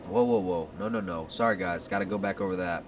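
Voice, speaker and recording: A man's voice: low-pitched, fast, distant mic, heavy background noise. A man hosting a live stream in casual commentary, chatting and reading viewer messages aloud with a self-mocking manner.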